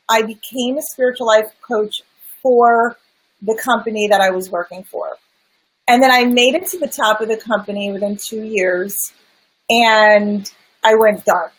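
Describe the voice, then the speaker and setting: A woman's voice: medium pitch, low-quality recording. A woman guest, a spiritual life coach, candidly telling her personal story in an earnest, emphatic way. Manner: earnest, emphatic, sometimes swears.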